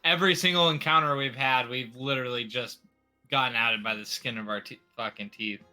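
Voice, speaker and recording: A male player with a mid-pitched, very bright voice complains bluntly during a tabletop game. Faint music plays behind him. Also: steady tone, fairly quick. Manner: exasperated, blunt. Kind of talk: casual chat.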